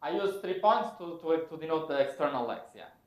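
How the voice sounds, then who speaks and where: In an echoey lecture room, a man with a slightly high, expressive voice delivers a technical physics lecture at a brisk clip. He thinks aloud, explaining each step and correcting himself along the way.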